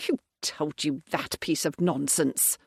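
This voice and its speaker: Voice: mid-range voice, steady tone, slow pace, vocal fry, slightly rough, no echo, studio quality, exaggerated voice. A narrator doing a wheezing, panicked old viscount. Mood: evasive. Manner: breathless, gasping.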